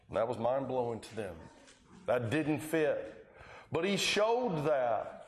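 A man's voice: mid-range voice, big pitch swings, slow, reverberant, noisy background. A man preaching a sermon who tells the Bible stories and acts out the lines of their people in quoted voices. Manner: storytelling, acting out the Bible scenes in quoted voices.

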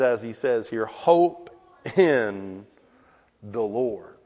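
A man preaching a sermon and reading scripture slowly and deliberately, his voice dropping low at the ends of phrases. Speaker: pastor. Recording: long reverb in a hall.

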